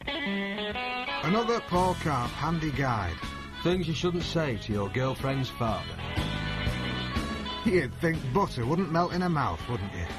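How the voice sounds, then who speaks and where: A man's voice: fairly high pitch, sing-song, takes it slowly, long pauses. A man playing a cocky, loutish young man who fires off cheeky, lewd one-liners in a comedy sketch. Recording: voice set back over guitar music.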